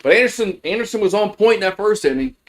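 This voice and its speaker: A man's voice: sits high, expressive, fast. A man giving casual, rambling play-by-play of a college baseball game on a livestream, full of fillers and restarts. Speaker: fan play-by-play host.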